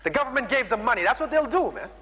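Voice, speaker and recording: Guy preaching, high sharp voice, big hall echo, keeps saying man. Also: very animated, very fast, breathy edge, muffled recording. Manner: emphatic, keeps tagging sentences with "man". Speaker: Muslim preacher. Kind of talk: sermon.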